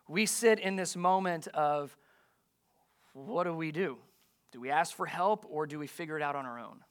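A man's voice: on the high side, a bit bright. A man preaching a sermon as a pastor, emphatic and full of rhetorical questions to his listeners.

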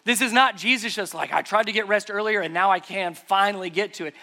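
A man's voice: sits high, quick pace, bright, forceful tone. A man preaching a sermon to a congregation in an emphatic, conversational way. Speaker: pastor. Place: church service before a congregation.

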